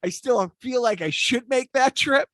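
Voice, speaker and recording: A man's voice: very high-pitched, moderate pace, fairly bright tone, no echo. A man co-hosting a podcast, chatting in a laid-back way and repeating words as he starts. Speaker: podcast co-host. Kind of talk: casual chat.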